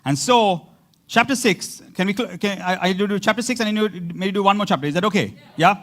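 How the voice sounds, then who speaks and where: A high-pitched man preaches with great animation, hammering words by repeating them. He drops into laughing asides between points, sounding like a pastor delivering a sermon to his congregation. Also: a little fast.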